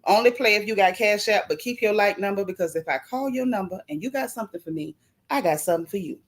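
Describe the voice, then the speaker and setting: A woman hosting a casual gossip livestream, chatty and animated, greeting viewers from the chat with swooping, playful emphasis. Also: medium pitch, quick pace.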